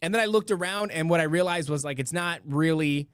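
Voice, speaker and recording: A middle-aged man with a fairly high, clear, resonant voice speaks briskly in an echo-free, studio-quality recording. As host of a live-stream podcast, he reads donations and chat and rambles casually through stories with many restarts and digressions.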